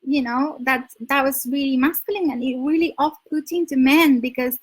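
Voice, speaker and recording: High-voiced chatty Spanish woman. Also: moderate pace, few pauses, poor audio. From Spain. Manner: chatty, laughs often, reads out viewer comments. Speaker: dating advice live streamer. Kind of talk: casual live stream chat with viewers. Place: her home in London.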